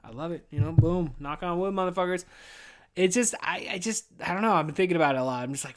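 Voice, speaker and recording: Man, 30s, podcast host; tired, rambling, profane delivery in a slightly high register. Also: quick pace, fairly bright tone. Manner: profane, rambling, says "dude" constantly; weary, venting. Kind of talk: casual rambling monologue.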